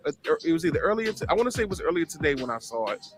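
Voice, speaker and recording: A man's voice: a little high, very animated, music in the background. A man hosting a casual talk show, explaining at length with plenty of fillers. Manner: conversational, drawn-out explaining with fillers. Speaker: host. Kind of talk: casual chat.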